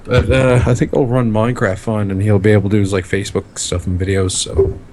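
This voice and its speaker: A man co-hosting a casual online chat, telling stories with lots of fillers and pauses. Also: lowish voice, little pitch movement, darkish tone, a little hiss or hum. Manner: rambling storyteller, many fillers. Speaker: podcast co-host.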